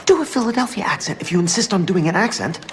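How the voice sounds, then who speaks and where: A man's voice: high voice, lively intonation, quick pace, faint music behind. A man playing an exasperated young partner who scolds his friend in a comedy skit played over stadium speakers.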